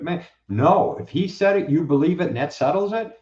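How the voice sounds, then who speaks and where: A man talking as a guest, preaching in a casual, animated way and acting out the people he quotes. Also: a little high, normal speed, hardly any pauses. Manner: animated, acts out quoted speakers. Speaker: guest, Bible teacher. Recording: roomy, dull lo-fi sound.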